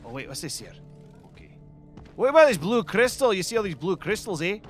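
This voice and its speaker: A man hosts a game stream, chatting casually and excitedly calling out whatever he spots. His voice sits a touch high and swings widely in pitch. Clear game music plays behind him. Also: fairly quick. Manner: excitable, exclaiming questions about the screen. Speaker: streamer host. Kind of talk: casual gameplay chat.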